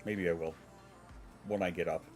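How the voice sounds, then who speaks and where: On his home stream, a man with a deep, congested, stuffy voice talks casually, rambling, swearing offhandedly and replying to viewers along the way. His intonation stays fairly even and his speed is normal, while soft music plays faintly behind him.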